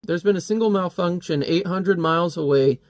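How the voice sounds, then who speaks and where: A man reading the lines of a calm, lofty male superhero who rules a country, in a comic. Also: high voice, moderate pace, no echo.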